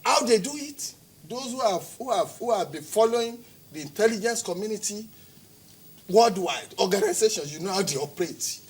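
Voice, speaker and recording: A man with a Nigerian accent, a security expert arguing forcefully in a TV studio interview, firing rhetorical questions and repeating words as he presses his points. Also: sits high, expressive, normal speed, slightly rough.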